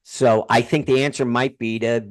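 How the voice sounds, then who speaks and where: A man who is a guest on a podcast, speaking as a humor consultant, telling stories in a sarcastic, animated way. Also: medium pitch, normal speed. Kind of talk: casual podcast interview.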